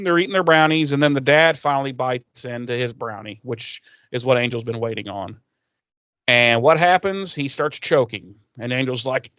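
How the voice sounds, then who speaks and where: A man's voice: medium pitch, animated, moderate pace, a bit bright, no room sound. Profane, jokey man on a podcast. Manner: profane, jokey, laughs often. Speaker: podcast co-host. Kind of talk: casual recap chat.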